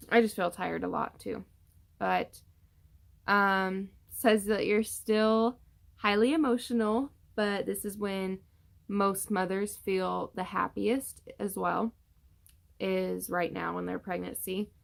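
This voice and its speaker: A woman's voice: medium pitch, steady tone, slow pace, gravelly. A young woman casually chatting through a pregnancy update vlog, rambling with many fillers and tired from yawning. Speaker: vlogger.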